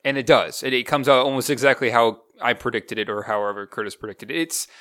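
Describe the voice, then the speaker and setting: A man's voice: mid-range voice, fairly even intonation, fast, fairly bright tone. A young man co-hosting a movie review podcast, talking casually and critically, rambling from point to point. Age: young adult.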